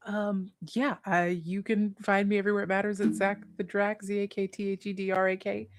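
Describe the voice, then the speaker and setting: A woman's voice: mid-range voice, level tone, brisk, hardly any pauses, dry recording. Woman player, playful and laughing, dry room. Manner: giggly, joking. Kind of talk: casual chat.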